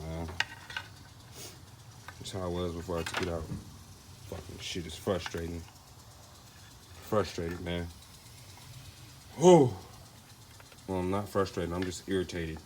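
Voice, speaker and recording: A man with a low voice walks through a car repair in loose, slangy talk, thinking aloud as he works. A faint ambient noise sits behind him. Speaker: DIY car repair vlogger. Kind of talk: casual how-to narration.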